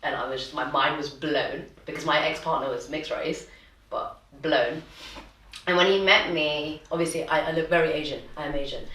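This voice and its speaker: Young woman, low voice, chatty and laughing, sounds far off in an echoey room. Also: moderate pace. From Sri Lanka. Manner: animated, laughs while telling stories. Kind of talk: casual chat. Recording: roomy, distant mic.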